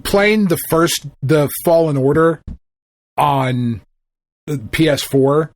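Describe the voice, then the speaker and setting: A man's voice: on the high side, animated, takes it slowly, no room sound. A man co-hosting a podcast in laid-back casual chat. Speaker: podcast co-host.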